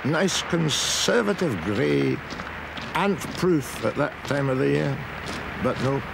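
A man playing an eccentric, boastful Scottish golf coach with a Scottish accent, rambling deadpan through his memories in a comic monologue. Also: fairly high pitch, takes it slowly, vocal fry, noisy background, full character voice. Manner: deadpan rambling reminiscence with dry asides.

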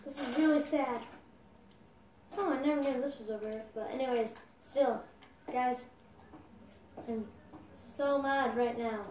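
High-voiced woman narrating her gameplay. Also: measured pace, pauses often, far from the mic, a little hiss or hum. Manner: talks to viewers while playing, exclaims loudly at setbacks. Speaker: gaming video creator. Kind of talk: casual gameplay commentary. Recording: roomy sound, voice off-mic, music behind.

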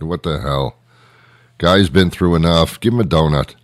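A man's voice: low voice, normal speed, dry recording, clean studio sound. A man hosting a radio show, rambling through a comedic monologue with sarcasm, acting out little scenes and laughing often.

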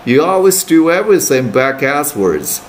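A man reading aloud and voicing an irritable, conceited teenage boy roommate who swears gruffly. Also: a little high, big pitch swings, moderate pace, slight background noise, voice pushed up, poor audio. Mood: furious. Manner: gruff, swearing, exasperated retorts.

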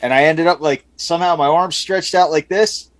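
Man, high pitched, crude jokes, laughing, casual banter. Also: moderate pace, dry recording. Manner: crude, joking, laughs a lot. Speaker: podcast co-host.

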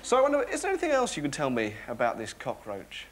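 A man's voice: a little high, huge pitch swings, quick pace. An actor playing a neurotic, sleepless young man, who rambles in a wry, self-mocking way. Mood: smug. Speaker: sitcom lead. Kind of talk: comic monologue and dialogue. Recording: noisy TV broadcast recording.

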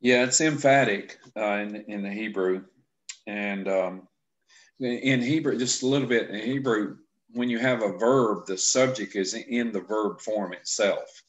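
A man with a fairly low voice walks through scripture verses in an easygoing teaching chat. He explains step by step and often restarts his sentences as he thinks aloud. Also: highs cut off. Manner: explanatory, halting with frequent restarts. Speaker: Bible class instructor. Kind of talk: casual scripture teaching discussion.

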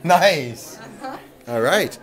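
Playful, lively man at a crowded event. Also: on the high side, very slow. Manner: upbeat, playful banter with kids in costume. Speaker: roving host greeting trick-or-treaters. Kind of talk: on-the-spot event coverage. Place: busy theatre at a Halloween event. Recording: crowd chatter behind.

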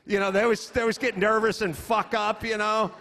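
The podcast host, a middle-aged American, has a high, pushed, bright voice with a flat, brisk delivery. Live on a comedy club stage before an audience, he tells stories in an exasperated, profane rant, mocking others with put-on voices.

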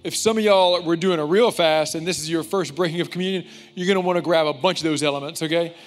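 A pastor speaking to his congregation in a relaxed, joking way, with plenty of fillers. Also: a little high, fast talker. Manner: casual, joking, with y'all and fillers. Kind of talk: church service address.

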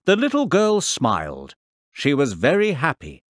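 A man playing a professor who tells children what he saw, in a slow, clear and very expressive storytelling voice. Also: fairly high pitch, no room sound, studio quality. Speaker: voice actor on a course audio CD. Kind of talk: scripted storytelling for young learners. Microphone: close studio mic, dry.

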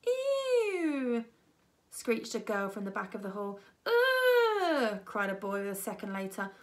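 A woman reading a children's novel aloud at a primary school with expressive storytelling. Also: fairly quick. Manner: expressive storytelling, voicing children with raised pitch. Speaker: reader.

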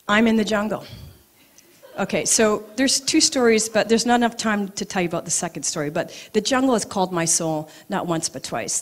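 A middle-aged woman telling personal stories at a live event, animated and acting out both sides of her conversations. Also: medium pitch. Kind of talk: live storytelling talk. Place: event venue, audience present.

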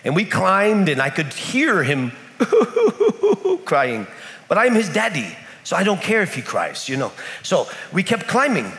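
A man's voice: high-pitched, huge pitch swings, measured pace, a bit bright. A man from the United States preaching a sermon in a church in Kenya, telling a story with lots of repetition. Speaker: pastor. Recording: echoey church hall.

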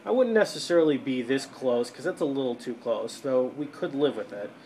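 A man walking viewers through setting up a desktop microphone and call software, step by step, at his computer. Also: medium pitch, animated, fairly quick. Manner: practical step-by-step instructions. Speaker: tutorial presenter for a radio show. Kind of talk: casual screen-recorded tech tutorial. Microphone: desktop USB microphone, moving toward and away from it.

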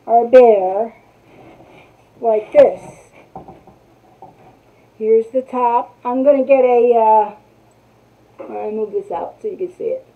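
A woman hosting a casual craft tutorial live stream, chatting to viewers while she works on a piece at her table. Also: fairly high pitch. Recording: tinny phone-like sound.

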